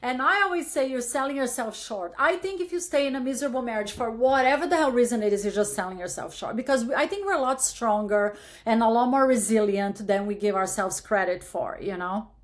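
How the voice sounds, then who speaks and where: A woman's voice: on the high side, brisk, few pauses. A woman hosting an interview podcast in casual chat, talking candidly and emphatically with the odd swear word. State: widowed. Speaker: podcast host.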